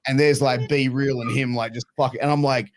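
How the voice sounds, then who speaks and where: A man's voice: medium pitch, normal speed, a little hiss or hum. A young Australian man hosting a podcast, telling a story in a casual way with constant fillers and swearing. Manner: swears a lot, filler-heavy, animated retelling. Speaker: podcast host.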